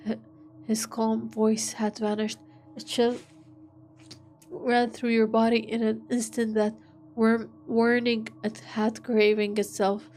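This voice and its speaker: A woman's voice: on the high side, steady tone, a little mellow, slight background noise. Woman stumbling through a story read-aloud. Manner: halting reading with joking asides. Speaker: streamer. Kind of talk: reading an interactive story aloud.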